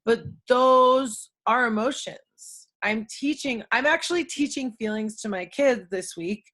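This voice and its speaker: A woman's voice: a little high, unhurried, fairly bright tone. A woman in her thirties talking casually to her viewers, chatty and open, with lots of fillers and tag questions. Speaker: host. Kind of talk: casual talk to camera.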